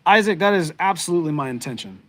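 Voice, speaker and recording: A man's voice: on the high side, lively intonation, fast talker, fairly bright tone. A middle-aged man, co-hosting a podcast and chatting casually with viewers in a rambling, heartfelt way, full of fillers and restarts. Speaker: podcast co-host. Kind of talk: casual live-stream chat with viewers.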